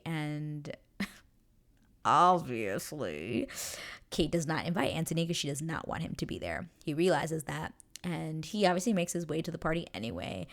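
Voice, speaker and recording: Low gravelly woman gushing over a show. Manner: excited, swears casually, acts out characters' lines. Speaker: show reaction host. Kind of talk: casual reaction commentary.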